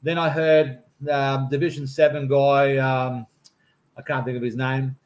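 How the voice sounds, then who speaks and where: A man's voice: medium pitch, little pitch movement, unhurried. A man with an Australian accent, rambling through a story in casual chat over a call, saying "mate" a lot. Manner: rambling, blokey, says "mate" often. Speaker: campaign volunteer.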